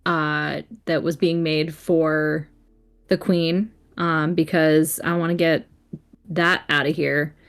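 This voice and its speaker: Hesitant woman player, lower voice. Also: little pitch movement, slow. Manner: hesitant, thinking aloud. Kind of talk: casual tabletop play.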